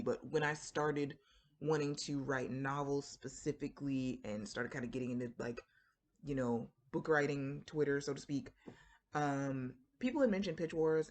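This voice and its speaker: A woman with a Floridian accent talking casually to camera in a chatty, rambling way, full of fillers and asides. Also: deep voice. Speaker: writing vlogger.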